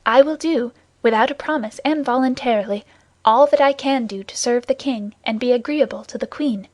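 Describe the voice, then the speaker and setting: A woman's voice: fairly high pitch, moderate pace, darkish tone, no echo, lightly acted. Brave young guardsman in an audiobook, read by a woman: earnest, gallant, commanding, dry recording.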